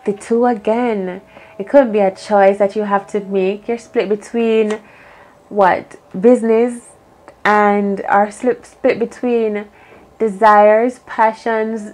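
A woman reads tarot cards on her own, speaking in an affirming, encouraging way. She thinks aloud as she works through each card. Her pitch sits in a middle range for a woman. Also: a little mellow. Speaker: tarot reader. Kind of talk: solo tarot reading.

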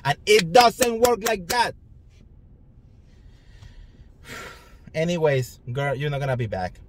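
A man's voice: fairly high pitch, slow pace, a little hiss or hum. Sassy man ranting about reality TV. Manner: sassy, animated, talks straight to viewers. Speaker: reality TV commentary vlogger. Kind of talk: casual ranting commentary.

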